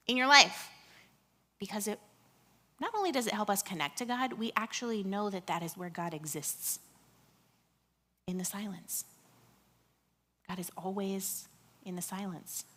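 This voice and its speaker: A woman in her thirties preaching a sermon in a conversational, animated way, often dropping to a hush. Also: mid-range voice. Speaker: pastor.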